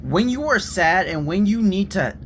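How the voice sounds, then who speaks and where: A young man telling a story to his viewers in a casual, expressive rant. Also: high-pitched, normal speed, a little hiss or hum. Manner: animated and expressive, drops to a quiet shaky voice when reenacting himself. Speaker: vlogger.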